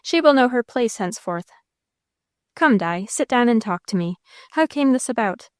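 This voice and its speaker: A woman's voice: on the high side, expressive, moderate pace, smooth, no echo, studio quality, close to an everyday voice. A woman narrator voicing a tender, earnest young husband in an audiobook. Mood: light. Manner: gentle, earnest.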